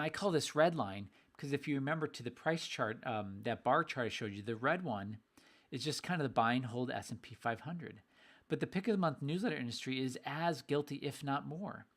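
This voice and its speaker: A middle-aged man giving a casual video lesson on investing, energetic, repeating phrases for emphasis with a mildly sarcastic edge. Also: medium pitch. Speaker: investing educator.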